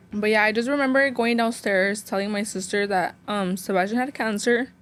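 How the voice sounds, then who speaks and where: A woman's voice: a little high, a little slow, slight background noise. A young woman from Phoenix, a guest sharing a painful personal story in a rambling, emotional way, full of "like" fillers. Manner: emotional, close to tears.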